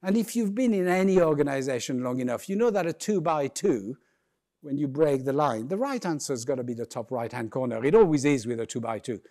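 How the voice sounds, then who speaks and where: A man giving a humorous keynote talk on stage, telling lively stories and acting out the voices of the people in them. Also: mid-range voice, fairly quick. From lives in London. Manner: lively storyteller, acts out quoted voices. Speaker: keynote speaker. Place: conference stage before a live audience.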